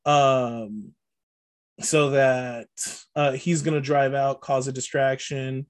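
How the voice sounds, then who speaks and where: A man's voice: mid-range voice, fairly even intonation, takes it slowly. A man co-hosting a podcast, casually recapping a movie plot with lots of fillers and frequent laughs. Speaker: podcast co-host.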